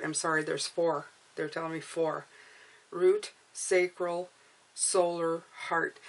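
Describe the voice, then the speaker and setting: A woman's voice: fairly low pitch, gravelly, fairly bright tone. A woman giving an earnest spiritual tarot reading, coaxing her viewers and often checking in with "okay?" and "you guys". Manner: emotional, coaxing. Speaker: tarot reader.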